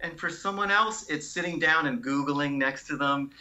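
A man who is an oncologist, speaking as a guest in a conversational interview, telling stories in an animated, expressive way. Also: a little high, moderate pace, highs cut off. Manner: animated, expressive storyteller who acts out sounds and quotes.

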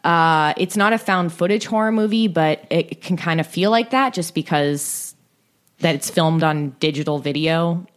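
Chatty young woman podcast host, lowish voice. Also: normal speed. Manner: chatty, many likes and restarts. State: tired. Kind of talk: casual true-story podcast chat.

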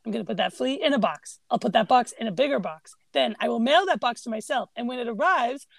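Brief: theatrical older cartoon villainess, haughty and scheming, as a woman recites her, gravelly edge. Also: a little high, lively intonation, quick pace, dry recording, clean studio sound.

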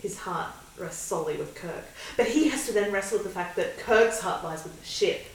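A woman's voice: mid-range voice, brisk. A woman co-hosting a podcast, chatting casually about an episode, laughing often and acting out quotes. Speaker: podcast co-host. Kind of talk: casual chat recapping an episode. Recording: echoey room, distant mic.

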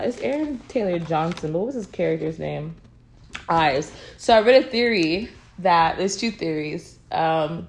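A woman in casual chat about a film, animated and quick to push back and tease. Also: on the low side. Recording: echoey room.

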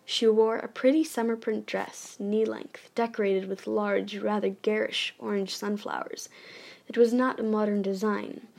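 A woman's voice: medium pitch, level tone, a little slow, gravelly, darkish tone. A woman reading a first-person ghost novel aloud, often restarting and correcting herself mid-sentence. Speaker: narrator.

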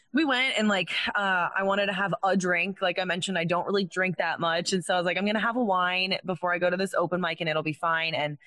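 A woman's voice: lowish voice, a bit bright. A young woman, a stand-up comedian, telling a personal story in a casual chat and filling her speech with "like". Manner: chatty, fills speech with "like".

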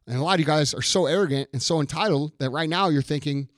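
A man's voice: fairly high pitch, fast, no echo, clean studio sound. Blunt, profane man ranting. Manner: blunt, profane, forceful, repeats lines for emphasis. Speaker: podcast host. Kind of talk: profane motivational rant.

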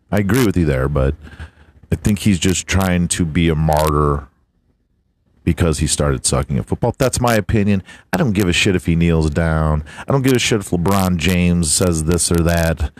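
A man's voice: low voice, animated, moderate pace, a little mellow, dry recording. A man hosting a podcast, ranting bluntly and swearing constantly in a comedic tirade. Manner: foul-mouthed, blunt, ranting. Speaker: podcast host. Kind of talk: profane comedic rant.

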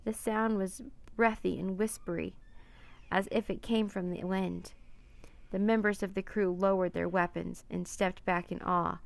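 Woman storyteller, slightly gravelly, even children's-book narration. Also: mid-range voice, measured pace. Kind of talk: children's book read aloud.

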